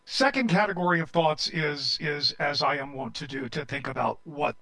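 A man speaking as a panel guest, deliberate and thoughtful with a wry edge. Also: fairly high pitch, expressive, pushed and bright, rough recording. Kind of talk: panel discussion.

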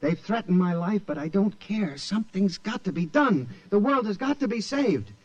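A man's voice: sits high, animated, moderate pace. An actor playing a frantic, pleading man who is sure the machines are alive, in 1940s radio acting. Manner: pleading, rising to hysterical shouts. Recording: muffled old radio recording, faint music.

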